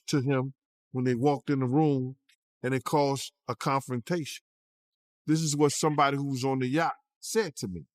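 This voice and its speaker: A man's voice: medium pitch, no echo. Emphatic man in a dry recording. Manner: streetwise, emphatic, repeats words. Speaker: commentator in a clip. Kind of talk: casual talk.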